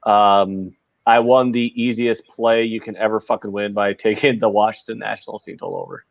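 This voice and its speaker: A man's voice: on the low side, fairly even intonation, normal speed, vocal fry, dry recording, lo-fi sound. A man hosting a casual live sports betting podcast, talking in a brash, profane, rambling way. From United States. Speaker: podcast host.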